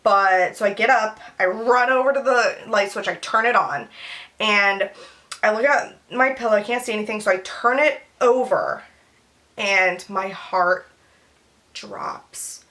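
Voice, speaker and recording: A woman's voice: medium pitch, a little slow. A young woman telling a casual storytime vlog, rambling with lots of fillers. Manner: rambling, filler-heavy, animated retelling. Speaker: vlogger.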